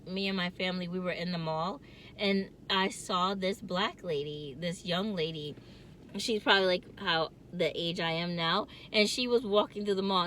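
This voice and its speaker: A woman's voice: on the low side, fairly bright tone, slight background noise. A woman vlogging from her car in casual chat, with a distinctive nasal voice, rambling and laughing often.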